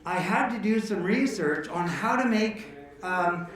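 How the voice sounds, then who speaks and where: A man's voice: sits high, expressive, measured pace, fairly bright tone. A man hosting a musical program, chatting and joking casually with the audience in a parlor. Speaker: musical entertainer and host. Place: echoey parlor room. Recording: roomy echo from a distant mic, guitar.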